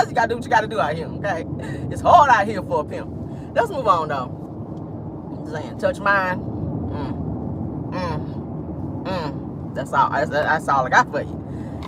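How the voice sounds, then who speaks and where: Sassy woman gossip host, street noise. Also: medium pitch. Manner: sassy, animated, full of slang and laughter. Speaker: celebrity gossip show host. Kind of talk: casual celebrity news commentary.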